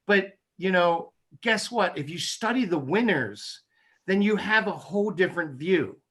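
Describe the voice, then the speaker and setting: A man's voice: sits high, lively intonation, measured pace, fairly bright tone. A man speaking as an interview guest, making his points in an emphatic, persuasive way. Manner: emphatic, persuasive, punchy repetition. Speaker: guest, chiropractic neurologist. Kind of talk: casual interview chat.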